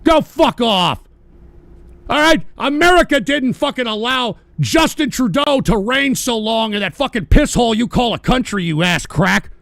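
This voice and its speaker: A man hosting a livestream, delivering a profane, sarcastic political rant that often breaks into shouting. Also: extremely high pitch, expressive, moderate pace, creaky, hardly any pauses, no room sound. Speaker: livestream host.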